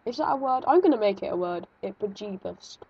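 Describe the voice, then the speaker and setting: A woman talks her way through a game, nervous and jumpy, often breaking into sudden exclamations. Her voice is husky and a little breathy. The recording is muffled and lo-fi. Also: mid-range voice, animated, a little fast. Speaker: gaming video creator. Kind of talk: let's-play game commentary.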